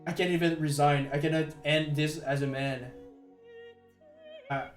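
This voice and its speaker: A young man with a Québécois French accent chats on his live stream, high-voiced, excitable and stammering, laughing often. His voice rings in an echoey room with faint music underneath. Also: a little slow. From Quebec. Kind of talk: casual live-stream chat.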